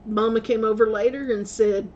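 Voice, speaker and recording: A woman's voice: a little high, steady tone, moderate pace, darkish tone, highs cut off. A woman vlogger telling rambling stories in a casual way, laughing often and correcting herself as she goes. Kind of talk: casual storytelling.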